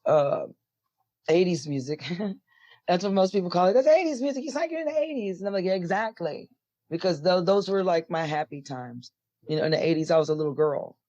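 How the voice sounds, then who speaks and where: Guest voice: husky, deep-voiced woman, rambly and filler-heavy, dull dry lo-fi audio. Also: warm tone, no echo. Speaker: musician guest. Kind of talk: casual interview talk.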